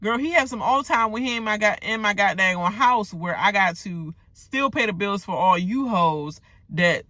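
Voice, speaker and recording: Brief: woman vlogger, bright forceful voice, dry close sound, profane ranting TV recap. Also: mid-range voice, normal speed, no room sound. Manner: animated, profane, joking asides.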